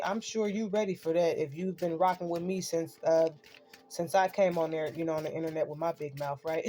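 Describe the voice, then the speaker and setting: In a casual spoken monologue, a woman who speaks spiritually online rants and swears freely, tossing in "right?" again and again. Her voice is on the low side with a darkish tone.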